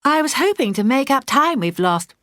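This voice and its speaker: A practical young woman skipper , read aloud by a woman, who speaks in a brisk, decisive way. Her voice moves lively up and down. The sound is dry and close. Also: high-pitched, no room sound, voice pushed up. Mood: urgent.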